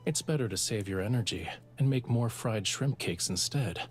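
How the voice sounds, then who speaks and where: A man's voice: fairly low pitch, moderate pace, natural voice. An actor voicing a playful young male sea god, a merman who banters easily in a game. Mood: relaxed. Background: faint game music.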